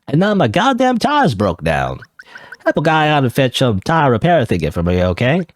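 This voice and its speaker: A man's voice: mid-range voice, big pitch swings, brisk, a little mellow. A man voicing a boastful banker in a cowboy costume, drawling in a folksy way.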